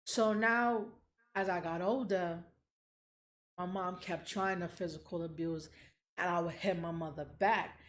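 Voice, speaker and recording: A woman's voice: mid-range voice, animated, a little slow. A young adult woman hosting a podcast, talking candidly and emotionally, blunt and profane. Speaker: podcast host. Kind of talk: candid casual chat.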